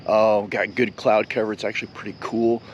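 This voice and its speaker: A man's voice: lowish voice, flat delivery, brisk, lo-fi sound, a little hiss or hum. Folksy man, outdoor vlog. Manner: folksy, laughs often, drops to a whisper in the blind. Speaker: host. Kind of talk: casual outdoor vlog chat. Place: outdoors on a hunting property.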